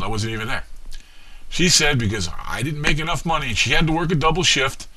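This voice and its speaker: A middle-aged man doing a seated stand-up comedy routine in a small venue, telling wry family stories with pauses before each punchline. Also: fairly high pitch, bright, forceful tone. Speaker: stand-up comic. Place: small venue with a live audience.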